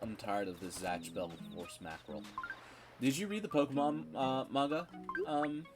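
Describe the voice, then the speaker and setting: A man's voice: medium pitch, normal speed. A man streaming a game, chatting casually in a rambling, frank way and swearing freely. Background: game music.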